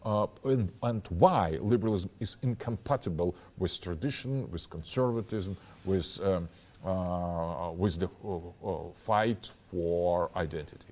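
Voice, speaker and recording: A man's voice: low-pitched, a little mellow. A man giving a long answer in an interview, lecturing step by step and often stopping to search for words. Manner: halting, searching for words with frequent restarts; lecturing, building an argument step by step. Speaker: interview guest. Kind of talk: interview, extended explanation.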